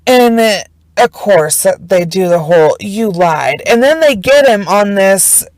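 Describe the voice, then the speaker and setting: A woman's voice: mid-range voice, animated, measured pace, a little mellow, no echo, rough recording. A woman casually retelling a true crime case, chatty and indignant, full of fillers and swearing. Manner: emotionally invested, indignant.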